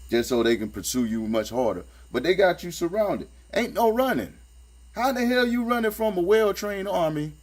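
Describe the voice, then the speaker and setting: Reading scripture aloud, a man critiques it in an offhand, streetwise style, heavy on sarcasm and emphasis and prone to repeating himself. Behind his voice runs a low electrical hum.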